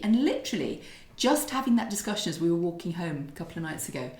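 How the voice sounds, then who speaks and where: A middle-aged woman, a podcast co-host and author, chats casually in a fairly low, sing-song voice at a quick pace. Her storytelling is warm and rambling, and she often doubles back to restart her thoughts. The echo of a roomy kitchen surrounds her.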